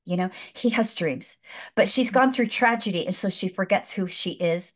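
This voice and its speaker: A woman's voice: medium pitch, moderate pace. A woman guest on a faith show, eagerly retelling a film scene and drawing spiritual lessons from it, emphatic and full of repeated words. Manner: excited, emphatic, repeats herself. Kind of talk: animated storytelling in a faith talk.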